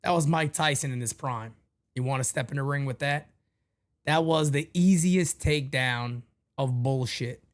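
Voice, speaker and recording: A male host of a fan show, emotional and ranting, swinging from low muttering to shouting. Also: normal speed.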